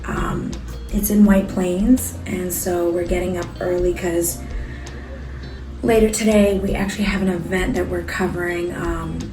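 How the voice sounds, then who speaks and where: A woman's voice: fairly low pitch, fairly even intonation, a little slow. Chatty woman vlogger with music behind. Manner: chatty, storytelling, many fillers. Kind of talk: casual vlog chat. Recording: roomy echo, music in background.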